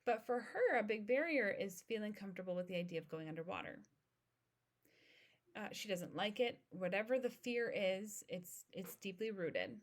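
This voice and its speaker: Calm, steady woman podcast host. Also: medium pitch. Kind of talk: informational podcast monologue.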